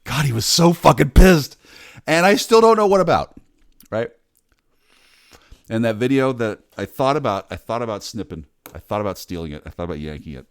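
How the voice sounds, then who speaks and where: A man in his forties, rambling in a bitter, sardonic, heavily profane monologue, muttering low and then bursting out loud. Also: very animated, fairly quick, smooth, no room sound, clean studio sound. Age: 40s. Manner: bitter, sardonic, swears a lot. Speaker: vlogger.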